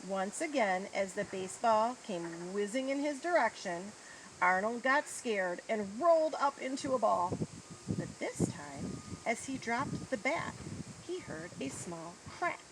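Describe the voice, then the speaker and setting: A woman reading a children's story aloud in an expressive storybook tone. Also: mid-range voice, a little slow. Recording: noisy outdoor recording.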